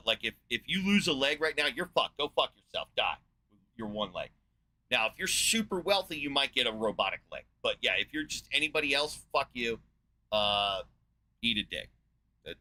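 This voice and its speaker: A man's voice: on the low side, bright, forceful tone. A man in his forties from the United States, ranting in a sarcastic, profane monologue as a podcast host. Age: 40s.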